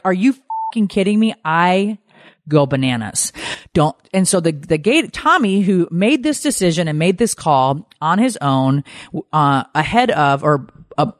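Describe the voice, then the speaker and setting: A woman's voice: deep voice, dry recording, clean studio sound. A mother and podcast host telling a story in a casual way, swearing freely and acting out other people's lines as she goes. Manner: animated, swears freely, acts out quoted lines.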